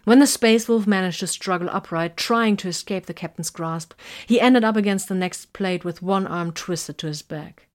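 A woman's voice: mid-range voice, normal speed, few pauses. Woman narrating a fight scene. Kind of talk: audiobook reading of fan fiction.

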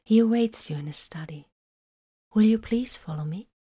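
A woman's voice: medium pitch, moderate pace, breathy edge, dry recording, studio quality, voice pushed up, close to an everyday voice. A woman voicing a poised, formal servant woman. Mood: courteous. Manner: formal, courteous, soft.

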